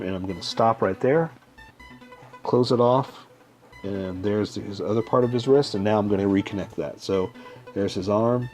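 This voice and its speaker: Low-voiced man talking through a drawing. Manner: relaxed, talks while drawing, frequent "okay?" check-ins. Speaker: drawing tutorial host. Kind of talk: casual step-by-step drawing instruction.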